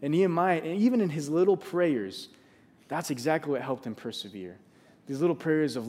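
A man's voice: on the high side, lively intonation, a little fast, darkish tone. A man preaching a sermon, earnest and conversational, often restarting his sentences. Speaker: pastor.

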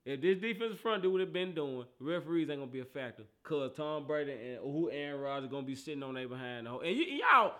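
High bright-voiced man ranting about football. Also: quick pace, few pauses. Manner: animated, teasing, repeats himself, laughs often. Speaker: sports talk host. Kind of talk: casual sports talk rant.

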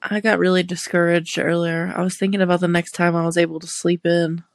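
A woman in her thirties co-hosting a casual podcast, telling blunt, deadpan stories about her family. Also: on the low side, brisk, vocal fry, no room sound. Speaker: podcast co-host. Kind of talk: casual chat.

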